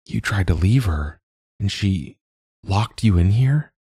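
A man's voice: deep voice, expressive, slow, warm tone, slightly rough, dry recording, clean studio sound, full character voice. A man voicing a young woman held captive, breathless and questioning. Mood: troubled.

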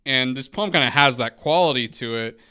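Bright, smooth-voiced man hosting a chat. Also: medium pitch, brisk, no room sound, clean studio sound. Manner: enthusiastic, casual, swears freely. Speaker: podcast host and interviewer. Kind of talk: casual conversation about poetry.

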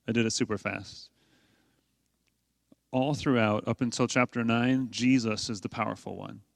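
A man's voice: mid-range voice, no room sound. A man preaching a sermon to his congregation in a conversational way, asking rhetorical questions and leaning hard on key points. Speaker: pastor.

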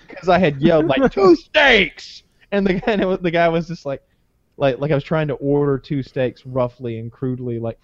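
A male podcast co-host with a medium-pitched voice shares a rambling, profane story in a casual, animated retelling. There's no echo, though the sound is slightly dull and lo-fi.

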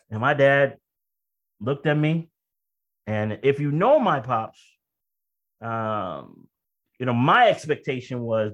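A man delivers a sermon in a relaxed, conversational way, his voice sitting at a middle pitch. He rushes through side remarks and then slows to a heavy, deliberate pace for his key points. When he relives an emotional moment, his voice leaps high and loud. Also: highs cut off. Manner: conversational, pace swings between quick asides and slow emphatic phrases. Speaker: preacher. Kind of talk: sermon with personal story.

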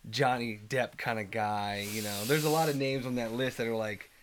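A man's voice: medium pitch, fairly even intonation, normal speed, noisy background. A man co-hosting a podcast in casual chat, talking in a chatty, easygoing way. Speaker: podcast co-host.

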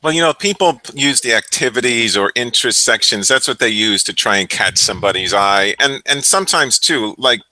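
A man co-hosting a casual chat who jumps in with quick quips and laughs easily. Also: medium pitch, lively intonation, bright, forceful tone, dry recording, poor audio. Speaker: co-host.

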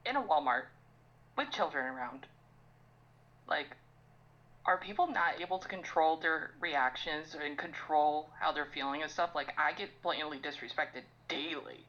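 A woman's voice: sits low, moderate pace, a bit bright, lo-fi sound. A young woman ranting on a casual podcast, swearing often and sounding exasperated. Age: young adult. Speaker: podcast co-host.

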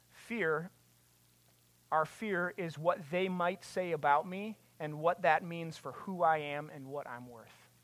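This sermon comes from a passionate preacher with a medium-pitched voice, who poses rhetorical questions and rises to loud, emphatic climaxes.

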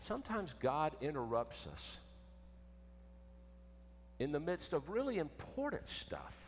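Man, pastor, sermon, slightly high voice, emphatic, long church reverb. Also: very animated, slow, slight background noise. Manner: emphatic, swinging from loud to hushed. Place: church sanctuary.

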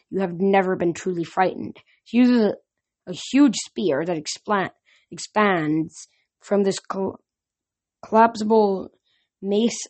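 A woman's voice: medium pitch, darkish tone. A woman reading a novel aloud, narrating in an unpolished way with frequent slips and restarts. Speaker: reader.

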